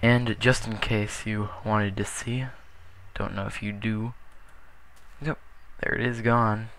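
A man's voice: lowish voice, flat delivery, takes it slowly, a bit bright. A young man casually commentating his gameplay, rambling with self-deprecating jokes. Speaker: gaming channel host. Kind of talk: casual Let's Play commentary.

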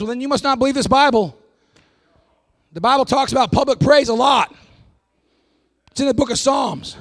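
A pastor preaching a folksy, emphatic sermon, often bursting into shouts. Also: male voice, extremely high pitch, moderate pace, long pauses.

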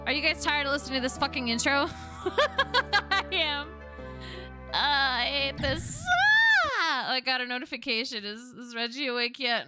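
High, lively young woman streamer. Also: unhurried, long pauses. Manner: playful, swears freely and hums along to the game music. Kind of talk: casual live-stream chat while gaming. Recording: game music playing clearly behind.

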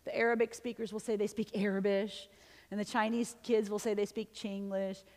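In a university lecture hall with a big-room sound, a woman linguist with a mid-range voice gives a lively, conversational symposium talk at normal speed. She switches between English and Spanish and often wraps up points with "okay?" or "right?"

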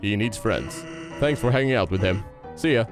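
Guy putting on a chill joking skeleton, low voice, teasing. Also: normal speed, soft background music, lightly acted. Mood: laid-back. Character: laid-back joking skeleton man.

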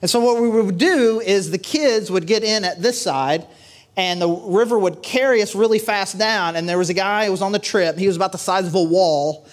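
A man's voice: high-pitched, normal speed. A man pastor giving a conversational sermon at a church service, telling stories with lots of casual fillers and "right?" tags.

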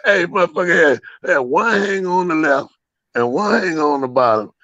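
A man's voice: fairly high pitch, animated, normal speed, pushed and bright, dry recording, dull audio. A man telling rambling, profane stories as an interview guest, with many fillers and frequent laughs. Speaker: interview guest, dog breeder. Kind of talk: casual storytelling interview.

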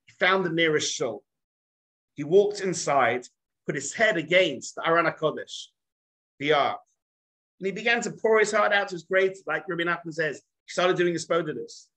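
A man teaching as a rabbi, telling stories in a high, bright voice. He acts out each quote as a short dialogue and keeps turning to his listeners with direct questions. The delivery is animated and conversational. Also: moderate pace, poor audio. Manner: addresses listeners directly, asks the room questions. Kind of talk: storytelling lecture to a live group.

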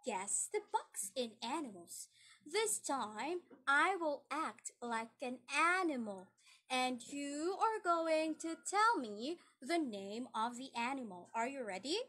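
Very high, bright-voiced woman teaching a child. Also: lively intonation, no echo. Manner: exaggerated cheerful praise, slow teacher-talk to a small child. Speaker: online English teacher. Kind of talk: demo lesson for a young child.

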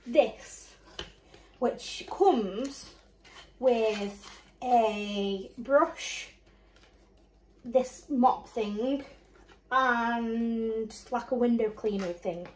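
A woman's voice: a little high, extremely slow, pauses often, darkish tone, low-quality recording. A young woman and mum chatting casually through a shopping haul, rambling along and listing prices with small laughs. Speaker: mum and vlogger.

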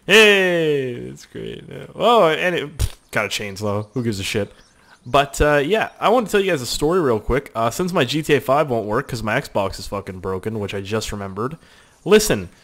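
Profane excitable young gamer guy. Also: medium pitch, normal speed. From Canada. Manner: rambling, profane, excitable outbursts. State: sore throat. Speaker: gaming YouTuber. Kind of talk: casual let's-play commentary.

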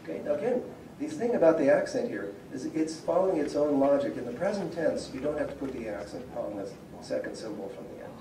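A man lecturing publicly on Slavic linguistics talks fast with few pauses, his medium-pitched voice dark in tone and animated. He explains in a conversational way and reads word examples aloud, recorded from afar in an echoey civic centre room with a faint hum.

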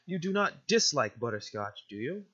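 Man voicing a tender goat mother figure from a video game, soft and formal, bright lively voice, dull lo-fi recording. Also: mid-range voice, moderate pace. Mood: doting. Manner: soft, formal, doting speech. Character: gentle motherly female goat monster caretaker. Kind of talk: reading game dialogue aloud.

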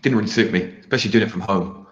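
A man's voice: fairly low pitch, racing. Chatty man hosting over a roomy call. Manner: upbeat, chatty, jokey. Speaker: host. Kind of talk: casual live show chat. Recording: roomy, dull lo-fi sound.

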